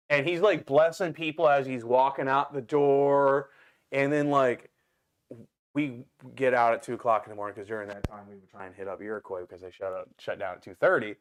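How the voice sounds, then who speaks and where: A man with an Ohio accent, a restaurant owner and guest, telling stories in an animated, casual way and swearing freely. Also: medium pitch, brisk. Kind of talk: casual storytelling.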